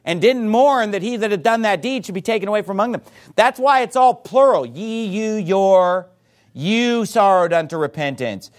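A man preaching a sermon, reading scripture and acting out quoted voices with lively energy. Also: high voice, normal speed. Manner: animated, acts out quoted voices.

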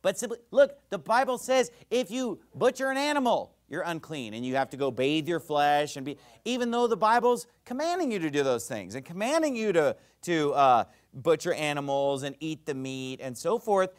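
A man preaching a sermon as pastor, fiery and emphatic, swinging between loud bursts and quiet asides. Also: on the high side, big pitch swings, moderate pace, few pauses.

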